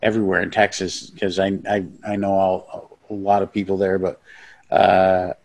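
A man's voice: low voice, monotone, normal speed, vocal fry, a little mellow. A man, a stand-up comedian, chatting as a guest on a podcast in a blunt, rambling, profane way. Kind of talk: casual podcast chat.

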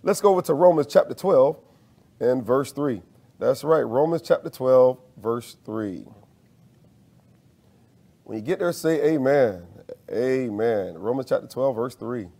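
A man's voice: medium pitch, measured pace, gravelly, pauses often, mellow. A man preaching a sermon as minister, using call-and-response and rising to emphatic peaks.

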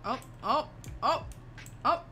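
A woman streamer chatting casually during a late-night game, drawn-out and giggly. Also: high-pitched, lively intonation, pushed and bright, soft background music. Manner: slow, drawn-out talk broken by frequent giggles.

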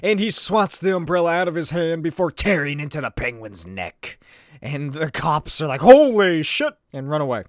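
A man's voice: a little high, moderate pace, no room sound, studio quality. A man hosting a comedic comic-book recap, narrating with sarcastic asides and swearing. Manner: sarcastic, swearing, laughs at the pictures. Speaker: video host.

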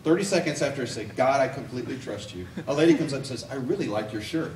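A man preaching a sermon as an evangelist, telling stories with lively acted-out quotes. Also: a little high, echoey room, far from the mic, a little hiss or hum, rough recording. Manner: animated storytelling with acted-out quotes. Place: church sanctuary.

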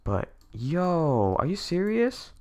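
A young man giving excited gameplay commentary to his viewers as a streamer, stammering and thanking them over and over, with keyboard clicks near his microphone. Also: on the high side, takes it slowly. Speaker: gaming streamer.

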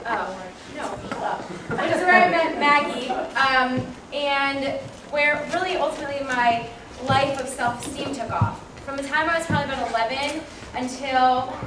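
A woman's voice: sits high, moderate pace. Young woman telling her story in an echoey hall. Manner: candid, hesitant with many ums. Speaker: motivational speaker. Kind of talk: personal story told to an audience. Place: large hall with audience. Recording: echoey hall from far off with noise.

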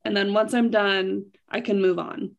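A woman's voice: mid-range voice, steady tone, measured pace, muffled recording. A young adult woman co-hosting a podcast, chatting candidly with lots of "like" fillers. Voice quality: gravelly vocal fry. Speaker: podcast co-host. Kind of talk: casual chat.

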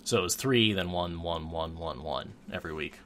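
Podcast host, male, lowish voice, animated, laughs easily. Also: moderate pace, a little hiss or hum. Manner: animated, laughs often, restarts sentences. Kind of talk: casual podcast chat.

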